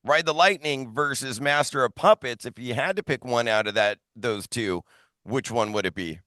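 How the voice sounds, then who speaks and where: A male radio host chats casually with his guest, keeping his questions friendly and short. His voice is mid-pitched and the sound is dry and close. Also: moderate pace, bright, forceful tone, no echo. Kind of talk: casual interview.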